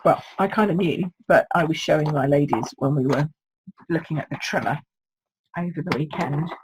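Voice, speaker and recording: With a low-pitched voice at a moderate pace, a British woman nursing a sore throat demonstrates card-making on a live stream, chatty and thinking aloud as she reads comments from viewers. The recording is rough, with a little hiss or hum.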